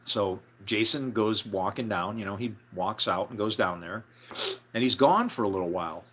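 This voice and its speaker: A man's voice: fairly low pitch, moderate pace, pushed and bright. A man telling a story from his own life in a casual, rambling way, full of fillers and restarts. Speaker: storyteller, former band member.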